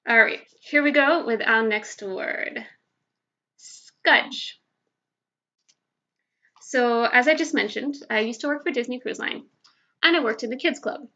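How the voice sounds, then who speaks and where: A woman's voice: a little high, unhurried, long pauses, sharp tone. A woman hosting a live game show from home, chatty and giggly as she tells stories. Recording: dull lo-fi livestream audio.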